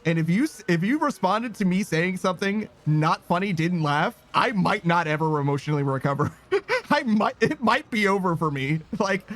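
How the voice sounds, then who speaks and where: A man's voice: high voice, sing-song, moderate pace, a bit bright. A man streaming a game, chatting casually, reading chat aloud and laughing easily. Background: faint game music.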